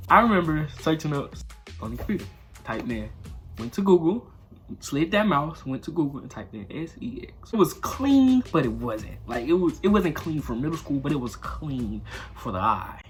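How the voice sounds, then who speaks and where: A man's voice: a little high, very animated, moderate pace, faint music behind. A young man telling a casual storytime, rambling and slangy with lots of fillers. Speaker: vlogger.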